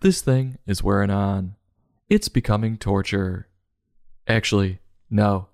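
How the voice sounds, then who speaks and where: A man's voice: on the low side, slow, vocal fry, a little mellow, no room sound, studio quality. Sarcastic man roasting a book. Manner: sarcastic and mocking. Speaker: book reviewer. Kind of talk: comedic book review.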